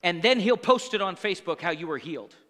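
A man with a high, bright, ringing voice preaching a sermon. He talks to the congregation conversationally and throws in call-and-response asides. The sound carries a long hall reverb from the church sanctuary. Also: animated, fast. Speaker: pastor.

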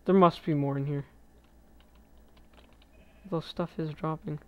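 A man chatting through a game in a smooth, clear voice, rambling and correcting himself, with sudden excited outbursts. The recording is slightly muffled and lo-fi. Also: on the high side, slow pace. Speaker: gaming video creator. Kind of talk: casual gameplay commentary.

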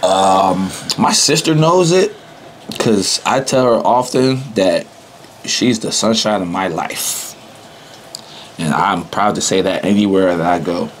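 A young adult man chats casually as an interviewee, his speech loose and slangy and often breaking into laughter. His voice is low-pitched and slow, in a rough recording with slight background noise.

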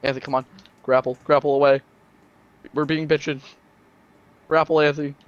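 A man talks fast and bossy while he plays, firing off orders and teasing his friends. His voice comes through a dull, lo-fi stream mic, with a bit of an edge in the teasing. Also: on the high side, little pitch movement. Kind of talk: casual gaming chat.

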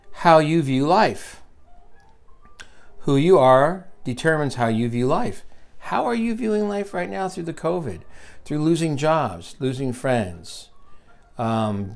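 A man's voice: fairly high pitch, creaky. A man hosting a virtual leadership seminar, reading from a book and adding his own comments. He stresses and repeats key lines and puts questions to the listener. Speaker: seminar host and teacher.

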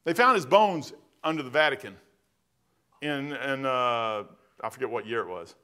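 A man's voice: medium pitch, expressive, moderate pace, pushed and bright, clean tone. A man preaching a sermon in a church as its pastor, telling stories in a folksy, plain-spoken way with bursts of emphasis. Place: church sanctuary.

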